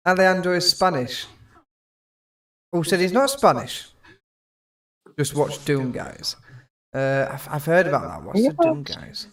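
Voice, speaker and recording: A man's voice: fairly high pitch, wildly swooping pitch, takes it slowly, pauses often, distant mic. A British man streaming a strategy game and chatting with friends, joking and laughing often. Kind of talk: casual gaming chat with friends.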